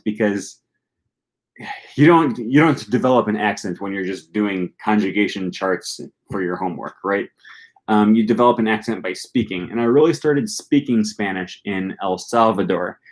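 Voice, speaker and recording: A young man from Wisconsin speaks with a Midwest American accent and a fairly low voice. He chats loosely on a live stream, answering viewer questions. He rambles, pausing often with ums and restarting his sentences. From Wisconsin, USA. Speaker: language-learning channel host. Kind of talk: casual live-stream chat, reading viewer comments.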